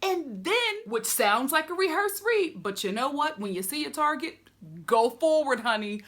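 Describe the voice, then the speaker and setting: Sassy, bright-voiced woman doing TV recap. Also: high voice, normal speed. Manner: sassy, animated, laughs often. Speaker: host of a TV recap channel. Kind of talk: comedic reality TV recap.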